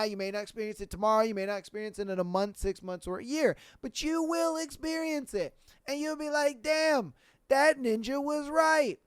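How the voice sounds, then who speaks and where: A man's voice: very high voice, smooth, no echo, studio quality. A man hosting a podcast alone, ranting bluntly in casual slang with plenty of swearing. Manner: blunt, profane, animated, with slang. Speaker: podcast host. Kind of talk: casual solo rant.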